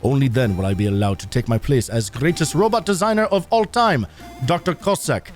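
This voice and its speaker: A man's voice: mid-range voice, lively intonation, brisk, soft background music, close to an everyday voice. A man voicing a boastful, grandiose male villain scientist in a shaky mock Russian accent, reading a game manual for laughs. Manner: exaggerated, self-aware hammy reading.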